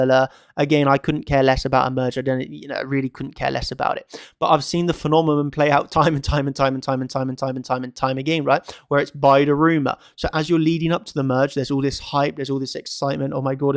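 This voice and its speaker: Speaking in a mid-range voice with vocal fry, this crypto channel host gives laid-back market takes straight to camera. His delivery is emphatic, piling up and repeating phrases to drive points home, and the sound is clean studio quality with no room noise.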